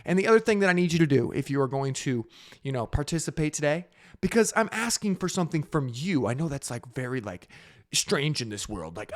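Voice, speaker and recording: A man's voice: fairly high pitch, huge pitch swings, normal speed. A man hosting a casual crypto show to camera, playful and teasing, with mock-sultry asides, on a studio microphone. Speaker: host.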